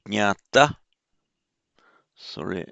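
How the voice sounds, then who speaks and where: Slow deep-voiced guy explaining old words, lots of ums and restarts, dull lo-fi sound. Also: animated, creaky, pushed and bright, no room sound. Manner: slow, halting, many fillers and restarts. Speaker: teacher of Pali and Buddhist texts. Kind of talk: informal explanatory lecture.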